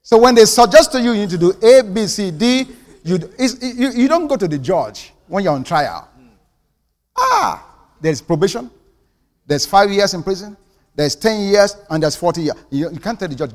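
A man's voice: high voice, sing-song, moderate pace, long pauses, big-room sound. A man preaching a sermon as pastor, emphatic and calling for amens from the congregation. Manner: emphatic preaching with call-and-response.

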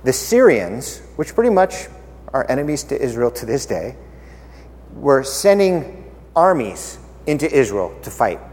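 A man's voice: mid-range voice, very animated, unhurried, a little mellow, big-room sound. A man preaching a casual, conversational sermon, playful and full of rhetorical questions, acting out the characters as he retells Bible stories.

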